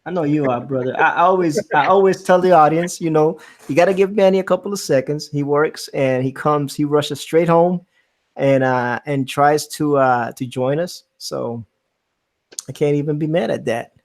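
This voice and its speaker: A man's voice: fairly high pitch, normal speed. A man hosting a casual live stream, chatting easily and greeting viewers while he inks a drawing. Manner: relaxed, chatty, reads out viewer comments. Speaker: streaming host.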